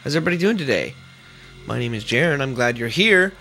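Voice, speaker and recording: A man hosting a let's play, giving excitable, joking gameplay commentary and swearing often. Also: medium pitch, fast talker, creaky, a little hiss or hum. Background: game music.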